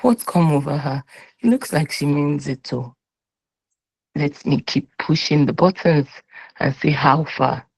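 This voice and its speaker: A woman voicing a listener's reluctant inner soul, high and incredulous, in a dry close recording. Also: measured pace, vocal fry, darkish tone, breathy edge, no echo, exaggerated voice, low-quality recording. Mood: surprised.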